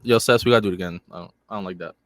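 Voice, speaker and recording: A man's voice: low-pitched, racing, no room sound. A young man co-hosting a podcast, joking and teasing his friend in casual chat. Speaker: podcast co-host.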